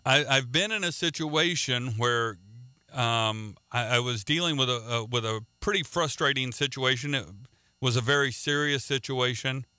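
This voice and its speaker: A man's voice: medium pitch, normal speed, pushed and bright, smooth, no echo. A man preaching a radio sermon in an earnest way, often repeating words and restarting sentences.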